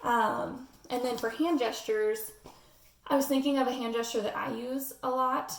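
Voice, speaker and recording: A woman's voice: on the high side, fairly even intonation, normal speed, vocal fry, recorded from a distance. A woman with a General American accent giving a casual class presentation, hesitant, with many fillers. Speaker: student presenting a class assignment. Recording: echoey room, voice off-mic.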